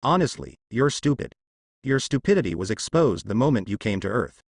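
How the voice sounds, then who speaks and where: A man reading a storybook voices a calm young man who mocks and lectures his enemy. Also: mid-range voice, a little fast, husky, no echo, clean studio sound. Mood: scornful. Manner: mocking, lecturing. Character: calm mocking young man, coolly scornful.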